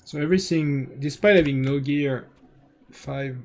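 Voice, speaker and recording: A man's voice: a little high, measured pace. A man with a French accent giving casual, think-aloud commentary while streaming a game, often restarting his sentences.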